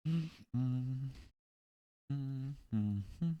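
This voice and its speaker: A man's voice: mid-range voice, animated, unhurried, pauses often, fairly bright tone, dry recording. A man who works as a teacher, chatting casually and profanely with viewers on a live stream while he works, rambling from topic to topic.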